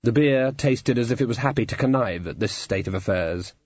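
A man narrating a comic fantasy story in a wry, measured manner. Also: medium pitch, lively intonation, a little mellow, muffled recording. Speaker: audiobook narrator.

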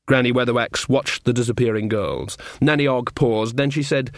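A man narrating an audiobook with a dry, wry, even delivery. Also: mid-range voice, moderate pace, hardly any pauses, no room sound.

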